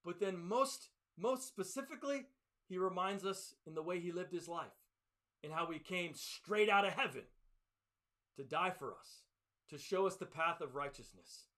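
A man preaching a sermon to his church, swinging from loud, urgent passages to hushed, tender ones. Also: sits high, animated, normal speed. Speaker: pastor.

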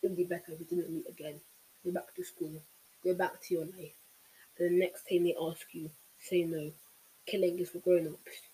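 A reader voicing a calm adult male assassin who speaks softly and reasonably, storybook reading. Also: mid-range voice, moderate pace, slight background noise, natural voice, low-quality recording. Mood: cold. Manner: soft, reasonable, unaccented.

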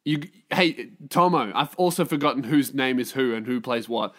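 A man's voice: mid-range voice, normal speed, hardly any pauses. A man hosting a solo podcast, delivering a sweary, sarcastic rant. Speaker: podcast host.

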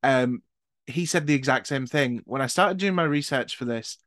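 A man's voice: medium pitch, normal speed, a bit bright, no room sound. Glasgow guy hosting a podcast, keen and sweary, dead dry sound. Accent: Glaswegian Scottish. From Glasgow, Scotland. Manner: enthusiastic, swears casually. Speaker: podcast host. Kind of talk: casual podcast chat.

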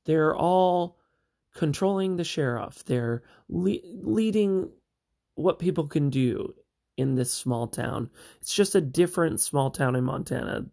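Slow, gravelly man reviewing a TV show. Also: on the high side, lively intonation, darkish tone. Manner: chatty, meandering, with frequent asides. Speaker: TV series reviewer. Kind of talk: casual spoken review.

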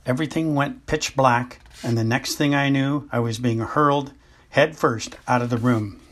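A man reading aloud as an eccentric older woman seer, hesitant and halting, with a husky voice. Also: medium pitch, fairly even intonation, fairly bright tone, lightly acted. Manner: hesitant, halting with ums and uhs. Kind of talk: amateur audiobook reading.

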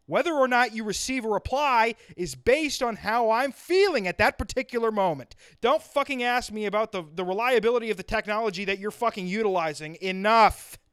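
Male podcaster, fed-up profane rant, smooth resonant voice, dry close sound. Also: high voice, expressive, fairly quick, few pauses, a bit bright, no echo. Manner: exasperated, profane ranting with sarcastic tangents. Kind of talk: solo comedic rant.

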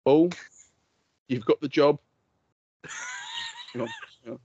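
A man's voice: on the high side, takes it slowly, raised voice, muffled recording, a little hiss or hum. A man co-hosting a podcast, swearing freely and ranting in heated, laughing banter. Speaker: podcast co-host. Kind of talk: casual chat.

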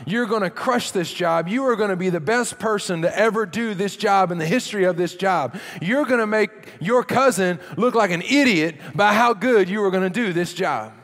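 A man preaching a sermon as a pastor, animated, dropping low and quiet for emphasis. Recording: long hall reverb.

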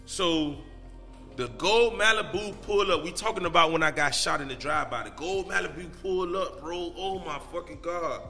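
A high-pitched man tells a story in loose, profane street talk. His voice is bright and forceful, and it sits in long reverb over faint background music. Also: moderate pace. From Miami, Florida. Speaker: podcast guest. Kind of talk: casual storytelling.

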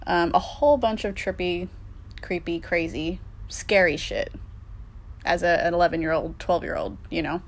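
A woman's voice: lowish voice, moderate pace. A young woman telling a personal story in a casual, candid way, with lots of fillers and swearing.

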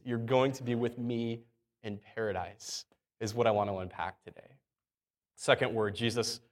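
A man preaching a sermon in a relaxed, conversational way, reading scripture aloud and repeating key words. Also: lowish voice. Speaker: pastor.

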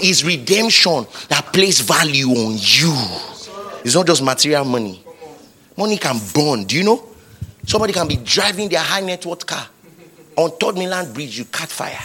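Brief: Nigerian male pastor, a bit high-pitched, bright ringing tone, swings from quiet asides to shouted refrains. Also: breathy edge. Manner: impassioned preaching, building to shouted repetitions. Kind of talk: sermon.

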